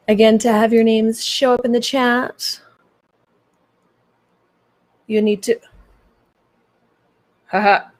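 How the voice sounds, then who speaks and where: A playful, bubbly woman with a Canadian accent hosts a business coaching livestream. She talks casually to her viewers and tosses in silly made-up words. Her voice sits at a medium pitch for a woman. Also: measured pace, pauses often.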